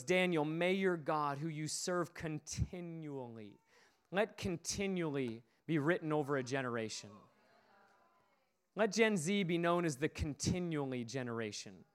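High, clear-voiced male preacher. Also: a bit bright. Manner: emphatic storytelling with repeated phrases. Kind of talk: sermon.

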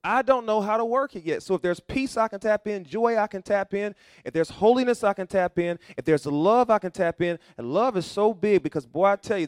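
Middle-aged male pastor, preaching sermon, fairly high voice, dry close sound. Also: no room sound. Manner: call-and-response preaching, building to loud emphatic peaks.

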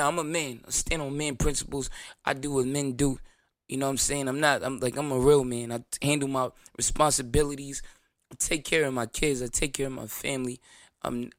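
A man's voice: mid-range voice, a bit bright, dry recording. Brash, profane man ranting, dry sound. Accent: New York. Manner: mocking whiny voices of critics. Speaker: show host. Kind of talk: ranting monologue.

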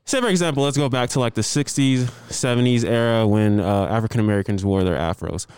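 Laid-back young man, smooth dry voice. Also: medium pitch, fast, a little mellow, dry recording. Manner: laid-back, laughs often, loose slang. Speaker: podcast co-host. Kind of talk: casual chat.

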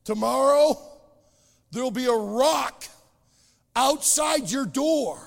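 The Lord, loud and firm, as a preacher puts Him on. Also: male voice, very high-pitched, slow, vocal fry, long reverb tail, voice pushed up, heavily acted. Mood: commanding. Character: the Lord, commanding and calm.

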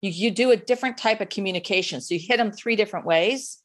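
A woman guest in an interview, animated and chatty, coaching on sales follow-up with frequent restarts. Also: mid-range voice, fast. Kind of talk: conversational interview, giving advice.

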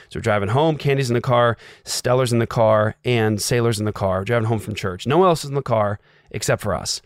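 A man's voice: medium pitch, fast, no room sound, studio quality. A man, a guest, telling a personal story in an earnest, emotional way with lots of "like"s. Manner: earnest, emotional, filler-heavy with many "like"s. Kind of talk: casual storytelling.

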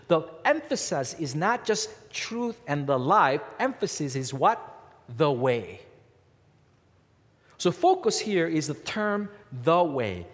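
A pastor preaches a sermon, emphatic and repetitive, his pitch rising and falling as he hammers home each point. The recording has a long hall reverb.

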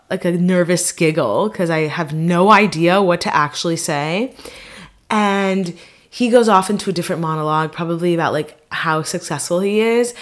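A woman telling a personal story casually, chatty and full of fillers, acting out what people said. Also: lowish voice. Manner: chatty, lots of fillers, quotes people in bursts. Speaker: vlogger.

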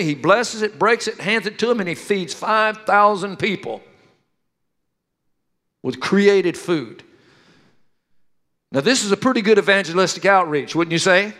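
A man with a high voice preaches to his congregation, telling stories with lively energy and calling out questions to the room. His words ring with a long reverb through a church hall. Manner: animated storytelling with questions to the congregation. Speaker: pastor. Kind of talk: sermon.

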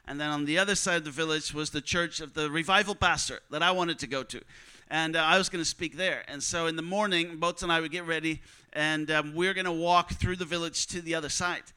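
A man's voice: fairly high pitch, fairly even intonation, a little fast, bright, forceful tone, clear, resonant tone, low-quality recording. A man telling a personal testimony story, vividly acting out the dialogue of the people in it. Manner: vivid storyteller who acts out quoted dialogue. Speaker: speaker telling a mission testimony.

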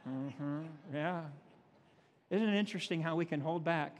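High-voiced male pastor in echoing hall. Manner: reads scripture slowly, then talks plainly with folksy asides. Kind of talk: sermon. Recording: long reverb of a large hall.

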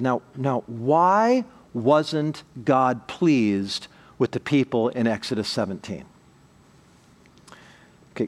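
A middle-aged man preaches with a lively, swooping delivery that rises and falls across a wide range. His voice sits a little high for a man, and he drives his points home in emphatic bursts, often repeating words as he restarts a thought. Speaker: pastor. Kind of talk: sermon.

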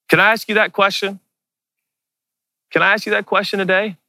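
A male pastor preaching with a bright, forceful tone, pitched a little high. He is emphatic and circles back to rhetorical questions. The sound is dry and close to the mic. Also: fairly even intonation, fairly quick, pauses often, no room sound. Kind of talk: sermon.

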